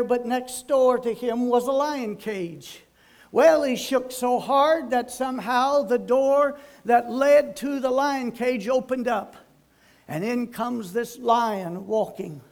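Older male pastor, folksy storyteller, emphatic, high-pitched. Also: a little slow, darkish tone. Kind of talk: sermon.

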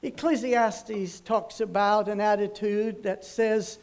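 Older male pastor, folksy storyteller, emphatic, high-pitched. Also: a little slow, a little mellow. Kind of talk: sermon.

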